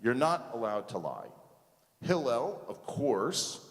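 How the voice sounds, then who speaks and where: A man teaching a congregation in a relaxed, conversational way, often checking in with "okay?" and "right?" and asking the audience questions. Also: medium pitch, takes it slowly. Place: large sanctuary. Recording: reverberant hall.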